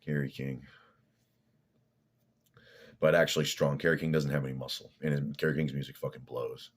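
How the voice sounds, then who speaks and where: Speaking at a moderate pace in a level tone, a man with an extremely deep voice rambles through a loose vlog monologue. The fitness vlogger is blunt and profane, wandering from thought to thought with lots of filler.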